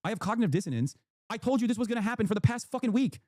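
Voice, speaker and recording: Rapid-fire ranting male streamer. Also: sits high, expressive, dark tone, dry recording, studio quality. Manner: heated, profane ranting. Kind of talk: ranting livestream commentary.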